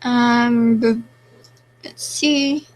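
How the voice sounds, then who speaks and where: A woman's voice: on the high side, steady tone, very slow, low-quality recording. A young woman casually chatting on a live stream, reading viewer questions aloud and answering them offhandedly.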